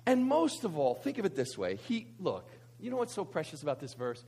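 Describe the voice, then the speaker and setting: Husky, animated pastor preaching. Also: male voice, on the high side, fairly quick. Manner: conversational preaching with asides and rhetorical questions. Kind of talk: sermon.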